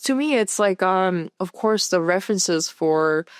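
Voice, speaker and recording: A woman film director speaking as a guest in a casual interview, thinking aloud in a halting way with many restarts. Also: fairly low pitch, expressive, smooth, no echo, studio quality. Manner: thoughtful, halting, full of "like" and restarts.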